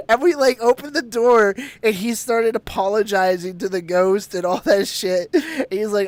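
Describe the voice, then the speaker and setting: A man's voice: sits high, moderate pace, hardly any pauses, no room sound. A man hosting a podcast, telling a story casually with lots of swearing and laughter. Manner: profane, laughing, animated retelling. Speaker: podcast host.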